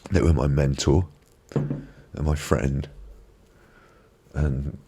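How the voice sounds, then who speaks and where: A man's voice: very deep voice, fairly even intonation, slow pace, background noise. A man hosting a live stream, giving a reflective motivational talk on a binaural microphone and repeating phrases for emphasis. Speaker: ASMR live-stream host.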